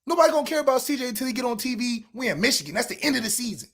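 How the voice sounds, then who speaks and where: A man on a sports podcast, trash-talking in a sarcastic rant. His voice sits high and swings widely, and he fires off rhetorical questions that sometimes break into shouts. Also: animated, very fast. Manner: shouts at peaks. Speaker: podcast co-host.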